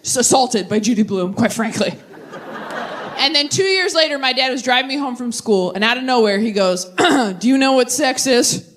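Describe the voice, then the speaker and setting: Woman doing stand-up on stage, kinda high voice, laughs at her own tangents, bit of room noise. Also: animated, a bit bright. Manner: quick, self-deprecating, laughs at own tangents. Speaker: stand-up comedian. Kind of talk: stand-up set with crowd work. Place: theater stage with live audience.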